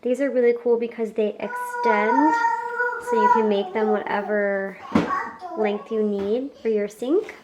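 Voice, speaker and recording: A woman's voice: medium pitch, lively intonation, unhurried, very noisy. Chatty woman with a nasal cold. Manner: upbeat, chatty, with fillers. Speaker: home vlogger. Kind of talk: casual talk over cleaning footage.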